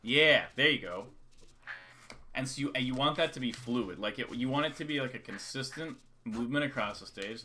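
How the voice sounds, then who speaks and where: A man giving a relaxed, chatty game lesson on a live stream, counting out long and short beats as he demonstrates. His voice sits at an ordinary middle pitch. Steady keyboard clicks and typing sound clearly behind him. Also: fairly quick, slight background noise. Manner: casual, repetitive counting out rhythms. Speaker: coach.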